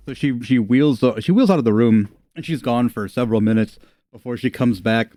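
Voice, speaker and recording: A man's voice: mid-range voice, a little fast, mellow, no echo, studio quality. A man narrating a tabletop game as game master, in a casual style with many "kinda" and "like" fillers.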